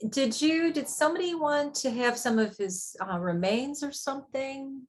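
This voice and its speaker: A woman hosting a show as a psychic medium, asking quick probing questions in a chatty live reading. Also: high-pitched. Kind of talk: relaying messages in a live reading.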